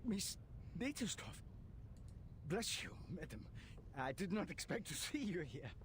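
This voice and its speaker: A man's voice: fairly high pitch, very animated, unhurried, a bit bright, a little hiss or hum. An actor voicing a stern male officer of arcane regulation, speaking formally with a forced German accent. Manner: formal, lecturing.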